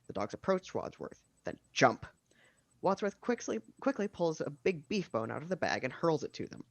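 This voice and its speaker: A man narrating the stage directions of a screenplay at a casual video-call table read, with steady reading and dry asides. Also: a little high, moderate pace, creaky, no room sound.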